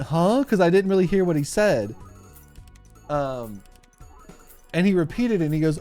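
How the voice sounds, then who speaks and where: A man's voice: sits high, a little slow, long pauses, darkish tone. Rambling young man streaming over music. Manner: rambling storyteller, many fillers and restarts. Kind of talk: casual live-stream chat while gaming.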